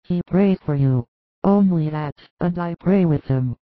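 A woman voicing a gentle, devout mother who pleads earnestly, read as audiobook dialogue. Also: fairly low pitch, unhurried, no echo, close to an everyday voice. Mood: pleading. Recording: dry, tinny phone-like sound.

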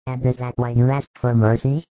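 A man voicing a calm, patient male spiritual teacher. He speaks in measured, instructive sentences in a dramatized religious reading, on a tinny recording. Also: mid-range voice, no room sound, lightly acted. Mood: calm teaching. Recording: tinny phone-like dry recording.

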